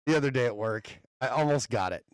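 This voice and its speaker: A man co-hosting a casual podcast, telling animated stories and teasing his friend with frequent laughs. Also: mid-range voice, quick pace, clean tone, no room sound, clean studio sound. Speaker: podcast co-host. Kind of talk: casual chat. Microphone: new podcast microphone.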